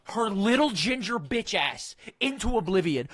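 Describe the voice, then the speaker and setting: A man's voice: high-pitched, big pitch swings, moderate pace, a bit bright. A man giving angry, incredulous let's-play commentary, swearing often. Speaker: gaming commentator.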